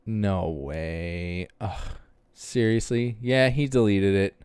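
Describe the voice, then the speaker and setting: A man with a fairly low, smooth voice hosts a podcast and rambles casually. He talks in loose, unscripted commentary full of fillers and restarts. The sound is close and dry. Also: slow pace, darkish tone, no room sound. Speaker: podcast host. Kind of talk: casual commentary while browsing videos.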